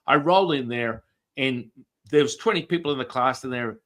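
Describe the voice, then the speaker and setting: A man telling a lively story as a podcast guest, talking casually, swearing, repeating words and restarting sentences often. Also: mid-range voice, moderate pace.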